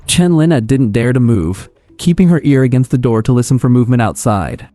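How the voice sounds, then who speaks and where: A man narrating a scripted comic story recap in a steady, even storytelling manner. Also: medium pitch, fairly quick. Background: faint music.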